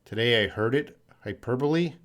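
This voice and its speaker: A man from Canada, an English teacher answering viewers' questions on a live stream, explaining patiently and repeating words slowly for learners. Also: medium pitch.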